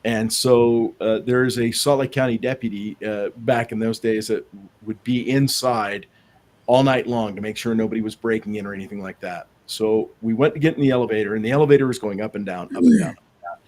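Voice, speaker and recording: A man's voice: fairly low pitch, a little fast, a little mellow. Rambling man telling ghost stories. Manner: rambling anecdotes with fillers and restarts. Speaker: paranormal investigator guest. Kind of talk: casual storytelling in a podcast interview.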